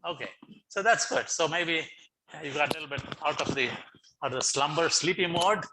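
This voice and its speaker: A middle-aged man speaking over a video call as a guest speaker, coaxing his audience through a lively online session and often repeating words as he gets going. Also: a little high, moderate pace, background noise. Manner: animated, coaxing, repeats words when starting. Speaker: guest speaker for teacher training. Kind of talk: online lecture leading laughter exercises.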